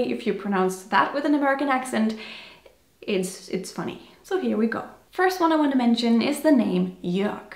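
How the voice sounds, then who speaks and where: A woman from Germany with a German accent, hosting a casual, playful video full of silly asides. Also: high voice. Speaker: video host. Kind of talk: casual vlog talk. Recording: roomy echo.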